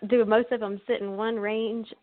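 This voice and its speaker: A woman's voice: a little high, level tone, normal speed, dry recording. Woman in her 30s calling in, kinda hesitant, tinny phone sound. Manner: hesitant, with restarts and nervous laughs. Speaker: caller. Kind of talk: phone-in conversation. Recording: dry phone line.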